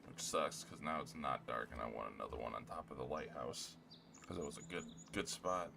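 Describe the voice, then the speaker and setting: A man's voice: extremely low pitch, fairly quick, creaky. A man streaming a video game, muttering casual, mildly grumbling remarks as he plays. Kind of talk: casual gameplay commentary. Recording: streaming mic with background noise.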